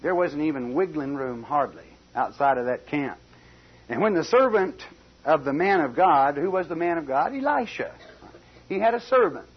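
A man preaching a folksy expository sermon, swinging between loud emphasis and quiet asides. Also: a little high, animated, normal speed, slightly rough. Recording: dull lo-fi recording.

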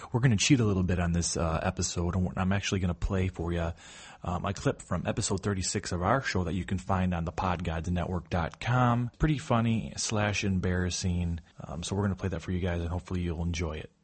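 A man hosting a podcast, introducing a clip in a relaxed, plain delivery. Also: low voice, breathy edge. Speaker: podcast host.

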